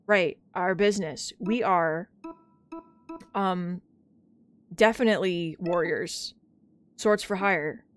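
A woman's voice: lowish voice, slow, long pauses, no echo, faint music behind. Brief: woman playing a polite, eager young mouse hero, earnest and chatty.

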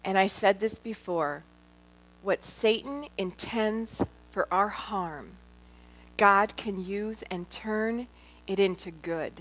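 A middle-aged woman speaking before a live audience, sharing her testimony in an earnest, heartfelt way. She turns often to address her listeners directly. Her voice sits in an ordinary middle pitch for a woman. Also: slow, fairly bright tone. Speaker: Christian women's speaker. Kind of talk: personal testimony talk.

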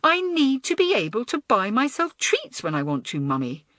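A woman voicing a spoiled, boastful schoolgirl who talks in a high, whiny, demanding way. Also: huge pitch swings, normal speed, fairly bright tone, no echo. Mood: petulant.

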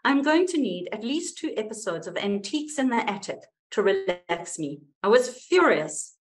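A woman's voice: mid-range voice, big pitch swings, moderate pace, lightly acted. A woman voicing a prim, snobbish older village woman who speaks with indignant haughtiness.

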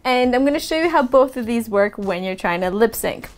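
Upbeat high-voiced woman teaching. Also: expressive, brisk. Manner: upbeat, explains step by step. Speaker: video production teacher. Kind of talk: casual tutorial vlog.

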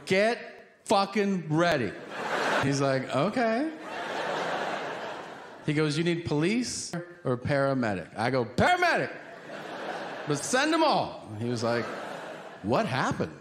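A man performing stand-up comedy, telling a story with excitement and acting out the dialogue. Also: medium pitch. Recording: roomy venue, background noise.

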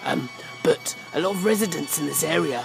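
A man's voice: on the high side, brisk, creaky, over music. A young man hosting a comedic mock documentary outdoors, flustered and exasperated, swearing now and then. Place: outdoors in fields and bushes.

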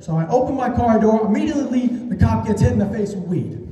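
A young man telling self-mocking stand-up stories in an animated way. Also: sits high, brisk. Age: young adult. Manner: animated, self-mocking, acts out quoted voices. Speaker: stand-up comedian. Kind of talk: stand-up storytelling. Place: stage in a hall. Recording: echoey hall, voice from far off.

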